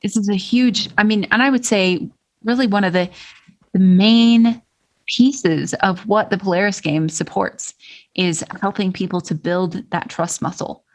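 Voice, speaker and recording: A woman's voice: medium pitch, a little slow. A woman co-hosting a podcast who explains ideas thoughtfully in casual conversation and stresses key words. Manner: thoughtful, explains ideas with frequent restarts and emphasis. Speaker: podcast co-host.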